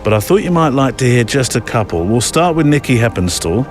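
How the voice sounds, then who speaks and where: A middle-aged man hosts a photography podcast, chatting in a casual, rambling, self-deprecating way with lots of fillers. His medium-pitched voice is sing-song and brisk, with soft music playing in the background.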